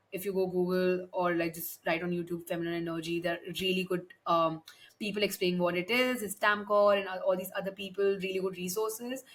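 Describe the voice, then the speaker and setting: A woman's voice: mid-range voice, fairly bright tone. A young woman hosting a podcast, giving a frank, emphatic solo monologue with frequent swearing and restarts. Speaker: podcast host.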